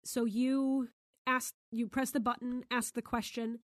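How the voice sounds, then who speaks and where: A woman narrating as the game master of a tabletop game, describing scenes in a brisk, lightly amused way. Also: fairly high pitch, level tone, no room sound, studio quality.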